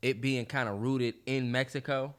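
Bright-voiced animated podcast guy. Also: mid-range voice, moderate pace, clear, resonant tone. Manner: animated, emphatic, lots of slang and ums. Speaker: podcast co-host. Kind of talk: casual chat.

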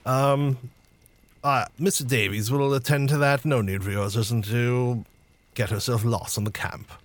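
A man voicing a polite but insistent military colonel in a tabletop game, halting with fillers. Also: mid-range voice, fairly even intonation, dry recording, lightly acted. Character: businesslike military colonel, middle-aged man.

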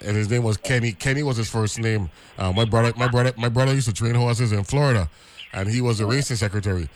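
A man's voice: medium pitch, fast talker, a little hiss or hum. A man hosting a radio talk show, rambling with many repeated words and asking "right?" often. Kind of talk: casual radio chat.

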